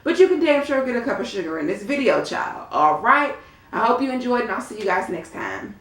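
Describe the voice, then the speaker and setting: A woman casually reviewing a reality TV episode, animated and sassy, talking straight to her viewers. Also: fairly high pitch, brisk. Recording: roomy echo.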